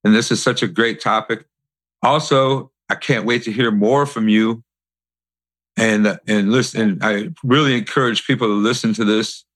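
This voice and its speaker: A man's voice: on the low side, fairly even intonation, moderate pace, fairly bright tone. A man hosting a podcast, chatting casually with his guests and thanking them. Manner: friendly, chatty, with fillers. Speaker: podcast host. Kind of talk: casual interview chat.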